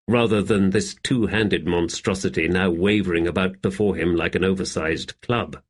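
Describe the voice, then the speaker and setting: A man narrating a fantasy audiobook in a steady, measured reading. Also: sits low. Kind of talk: scripted narration.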